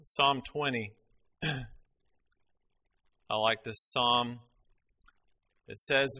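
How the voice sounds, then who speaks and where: Bright-voiced middle-aged preacher. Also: male voice, medium pitch, fairly even intonation, drawn-out words, pauses often. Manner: storytelling, folksy, with many "you know" fillers. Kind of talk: sermon.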